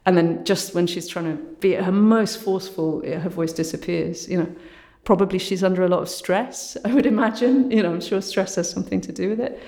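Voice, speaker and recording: A woman artist with a low voice, speaking thoughtfully as an interview guest and often saying "you know" and "sort of". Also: fairly quick, dark tone. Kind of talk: reflective conversational interview. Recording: roomy echo.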